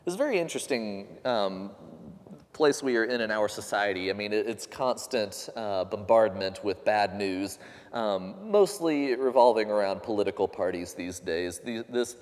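A man's voice: fairly low pitch, expressive, normal speed, a little mellow, big-room sound. A man preaching a sermon, earnest and questioning, lifting his voice when he quotes others. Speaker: pastor.

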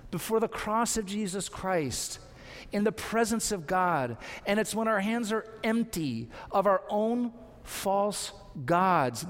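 Slow, earnest preacher in a hall. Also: male voice, high voice. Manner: earnest, emphatic preaching with deliberate pauses. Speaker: pastor. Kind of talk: sermon.

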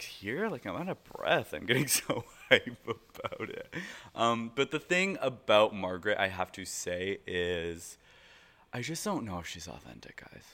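A man recapping reality TV in a loose, chatty way, his voice bright and forward but sitting a little low. He gushes and rambles, peppering everything with "like.". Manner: excitable, gushing, full of "like" fillers. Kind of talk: casual recap commentary.

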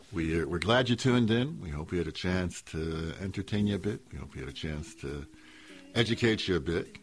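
A man hosting a radio show, telling a folk story in a casual, conversational way with slang asides. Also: on the low side.

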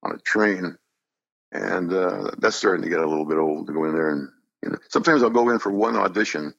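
A man's voice: low-pitched, a little fast, gravelly, a bit bright, no echo, dull audio. An older man, a voice actor guest in a casual interview, telling stories in an easygoing, self-deprecating way.

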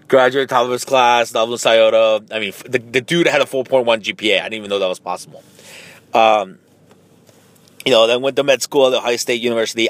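A man's voice: medium pitch, a bit bright, no echo, poor audio. A man, a marathon runner, tells a story in a casual, rambling way, with many fillers and some swearing.

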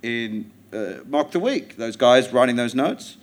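Animated, profane Australian man. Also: medium pitch, measured pace. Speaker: guest comedian. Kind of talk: live podcast interview chat. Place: theatre stage before a live audience.

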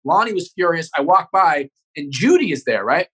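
A man's voice: fairly high pitch, sing-song, fairly bright tone, slightly rough. A man, a comedian guest, telling a profane story in a podcast interview, often tagging sentences with "right?". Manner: rapid, profane, keeps checking in with "right?".

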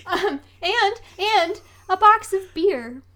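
A woman co-hosting a podcast, recounting a story in a casual, giggly way. Her voice sits notably high. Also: expressive, slow, fairly bright tone. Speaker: podcast co-host. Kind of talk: casual chat.

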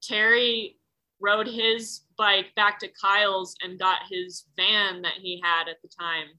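A woman with a bright, forceful voice spins a casual personal story in conversation. She rambles, leans on "like" constantly and swears without a second thought. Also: mid-range voice, flat delivery, slow, poor audio. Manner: rambling, heavy use of "like", swears freely.

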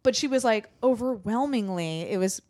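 A woman's voice: on the high side, lively intonation, moderate pace, a little mellow, dry recording, clean studio sound. A woman hosting a podcast, reading out news items and explaining them wryly to her co-hosts in casual chat. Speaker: podcast host.

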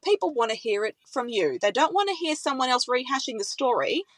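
A woman's voice: sits high, sing-song, brisk, fairly bright tone, no echo, low-quality recording. A woman who works as a radio presenter, talking with enthusiasm in a conversational interview. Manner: enthusiastic, emotional.

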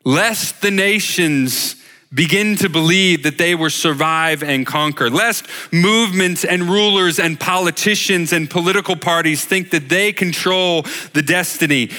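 Slow emphatic preacher in a reverberant hall. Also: male voice, high voice, sharp tone. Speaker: worship leader giving a short sermon. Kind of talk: sermon. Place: church sanctuary.

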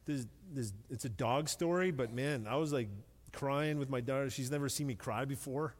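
A middle-aged male pastor preaches in a loose, conversational way, dropping self-deprecating jokes and doubling up words for emphasis. His voice sits at an ordinary middle pitch for a man. The sound carries a long reverb tail from a large sanctuary. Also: normal speed. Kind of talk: sermon.

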